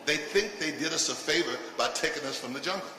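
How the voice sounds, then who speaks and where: Older comedian, echoey live room. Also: male voice, a little high, fast. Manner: provocative, punchy delivery with bursts of shouting. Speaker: stand-up comedian. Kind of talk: stand-up routine. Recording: echoey live venue from a distance with noise.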